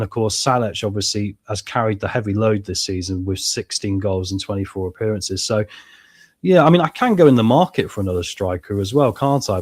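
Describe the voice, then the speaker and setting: An excitable man, chatting casually to viewers as he plays a football management game, his voice a little strained from shouting. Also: on the low side. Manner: excitable, chatty, addresses viewers as mates and guys. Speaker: gaming YouTuber playing a football management game. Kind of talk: casual gameplay commentary.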